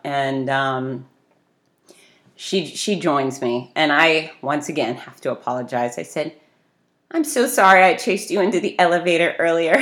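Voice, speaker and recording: Animated, self-deprecating woman telling a story. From grew up on the beach. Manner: animated storyteller, voices people in the story with big pitch jumps. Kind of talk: casual anecdote.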